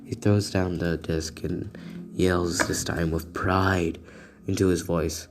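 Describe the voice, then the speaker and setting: A young man improvising a fan-fiction story in a rambling, halting way, with asides to his listeners. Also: low voice, little pitch movement. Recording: beat music playing behind. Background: music beats.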